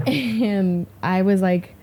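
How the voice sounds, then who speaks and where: A woman's voice: medium pitch, extremely slow, mellow, a little hiss or hum. A woman in her forties, a hairstylist guest, telling stories in casual podcast chat and swearing freely. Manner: chatty, swears casually, storytelling.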